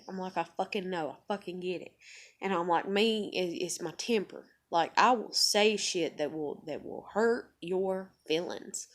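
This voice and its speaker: A woman's voice: lowish voice, a bit bright. A woman vlogger speaks candidly to her camera, telling a personal story. She is blunt and profane, rambling through it with plenty of fillers. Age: adult parent.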